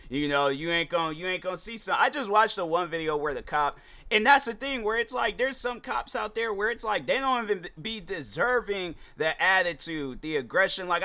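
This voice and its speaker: A man hosting a casual solo vlog, talking loosely with slang and restarting his sentences often. His voice is somewhat high and bright, with a forceful edge. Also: clear, resonant tone. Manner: rambling, slangy, many restarts. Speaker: show host.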